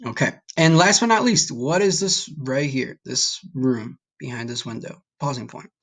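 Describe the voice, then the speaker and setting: A man's voice: medium pitch, normal speed, a bit bright, a little hiss or hum. Male teacher, recorded online lesson, patient, encouraging, checks in often. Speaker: Spanish teacher.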